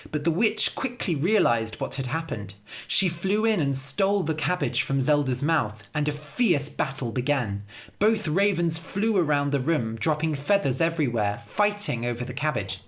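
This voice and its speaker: A woman telling a storybook tale for English learners, her pitch rising and falling freely as she reads. The narration is scripted and clearly paced, and she gives the story plenty of expression.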